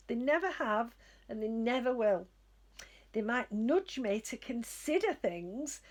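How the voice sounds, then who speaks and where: A woman psychic medium giving spiritual guidance in a gentle, reflective way, often laughing at herself. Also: sits high.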